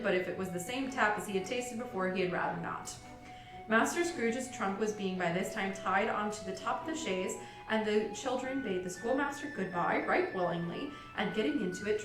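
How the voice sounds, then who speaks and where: A woman reading a classic novel aloud in a steady manner, chatty and giggly in asides. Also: medium pitch. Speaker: library podcast reader. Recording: roomy sound from a distant mic with music.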